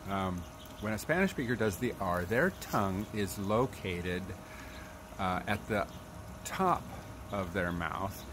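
A man teaching pronunciation in a patient way, repeating sounds slowly to demonstrate them. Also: fairly low pitch. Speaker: language teacher. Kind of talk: spoken tutorial. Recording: noisy background.

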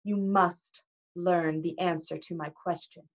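A woman reading aloud, voicing a stern, demanding older male teacher who speaks slowly and formally, on a dull recording. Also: fairly low pitch, steady tone. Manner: slow, measured, formal.

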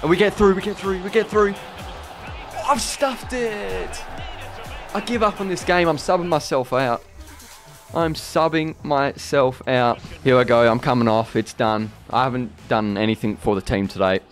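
Excitable man commentating gameplay. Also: mid-range voice, normal speed, soft background music. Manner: excitable, swings between shouting at the game and deflated muttering. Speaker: gaming YouTuber.

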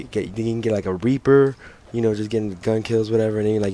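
A young man with a sick, hoarse voice, ranting and swearing through casual gameplay commentary. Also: fairly low pitch, fairly even intonation, fast, darkish tone, slight background noise. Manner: profane, ranting, frustrated. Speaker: gaming channel host.

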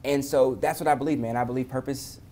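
A man's voice: medium pitch, fairly even intonation, fast talker, darkish tone, slight background noise. A man, a former pastor turned entrepreneur, talking as an interview guest in an emphatic, preacherly way with churchy affirmations. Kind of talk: casual interview chat.

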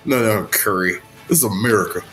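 A man's voice: on the low side, a little fast, loud music behind the voice. A man co-hosting a comedy podcast, telling a rambling story and laughing often, in casual chat. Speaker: podcast co-host.

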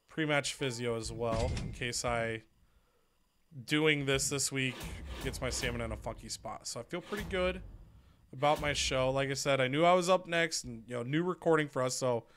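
A man's voice: medium pitch, a bit bright, slight background noise. A man casually talking through his moves in a wrestling management game, chatty and joking at his own expense. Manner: chatty, jokey, self-mocking. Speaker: player and show host. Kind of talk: casual gaming commentary.

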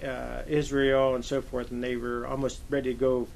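A man's voice: mid-range voice, little pitch movement, moderate pace, vocal fry, slight background noise, poor audio. An older man from western Pennsylvania, a navy veteran telling long rambling anecdotes in an oral history interview, full of "uh" and "I says". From western Pennsylvania, USA.

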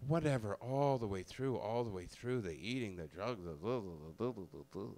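Animated male comedian telling a story. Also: lowish voice, moderate pace. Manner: animated, profane, swings from loud bursts to hushed confession. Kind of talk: live stand-up storytelling. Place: live comedy venue.

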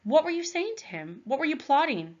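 A woman's voice: high voice, big pitch swings, fairly quick, a little mellow, highs cut off, voice pushed up. A woman reading a scornful clan girl. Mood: alarmed. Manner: scornful, guarded.

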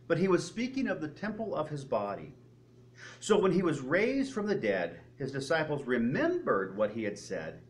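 A man preaching a sermon as pastor, reading scripture aloud and explaining it, and acting out the quoted voices with sudden jumps in pitch. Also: slight background noise. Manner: animated, acts out quoted voices with rising pitch. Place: church.

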